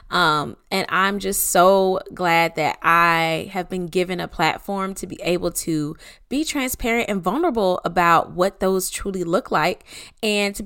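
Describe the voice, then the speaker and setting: A young woman with a slightly low voice talks candidly about her faith. She sounds conversational and relaxed, dropping casual slang as she hosts her own show. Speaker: podcast host.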